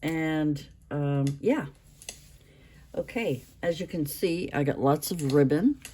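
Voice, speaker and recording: A woman in her sixties chats through her craft supplies for her channel, in a low, mellow voice. She moves slowly and loosely, trailing off and starting phrases over. A faint hiss sits under the recording. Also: animated. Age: 60s. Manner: rambling, halting, with many restarts and fillers. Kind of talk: casual show-and-tell vlog.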